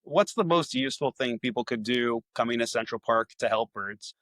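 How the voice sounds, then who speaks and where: Dude comedian strolling in the park, curious and dry-witted, asks lots of stuff, mid voice. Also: male voice, medium pitch, brisk, fairly bright tone, no room sound. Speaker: comedian guest. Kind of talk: casual outdoor chat. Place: outdoors in a city park.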